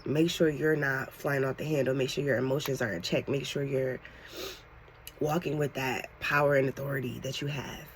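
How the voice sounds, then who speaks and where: A woman giving a channeled tarot reading to her viewers, excitable and animated, talking casually with lots of slang and "like". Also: a bass voice, normal speed, slight background noise. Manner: excitable, animated, fills talk with "like". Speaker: tarot reader.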